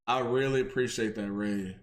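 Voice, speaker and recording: A man co-hosting a casual podcast, laid-back, giving shout-outs to viewers. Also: mid-range voice, fairly even intonation, moderate pace. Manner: laid-back, thanks viewers between remarks. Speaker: podcast co-host. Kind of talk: casual chat.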